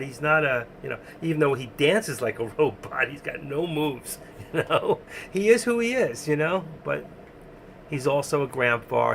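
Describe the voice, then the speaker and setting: Gravelly New York man, blunt and rambling. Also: a little high, slight background noise. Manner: blunt, rambling and excitable, laughing often. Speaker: live stream host. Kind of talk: casual live stream chat.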